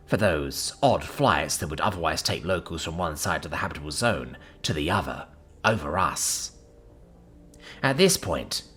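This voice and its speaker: A man narrating a sci-fi story in a steady first-person storytelling manner. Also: low voice, husky. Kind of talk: scripted audiobook narration.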